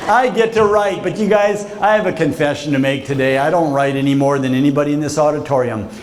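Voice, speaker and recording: A man's voice: on the high side, fast, slight background noise. A man, a visiting author, telling stories to students in a school auditorium in a theatrical way and addressing them directly. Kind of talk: storytelling talk to a school assembly.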